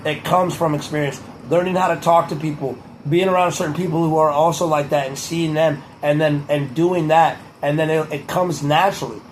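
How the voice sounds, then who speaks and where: Young male vlogger, high-pitched, casual and profane, leans on a pompous repeated "truly". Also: fairly even intonation, a little fast, few pauses, a little hiss or hum, poor audio. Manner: profane, repeats "truly", drifts into a mock-presidential cadence. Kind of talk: rambling casual monologue to camera.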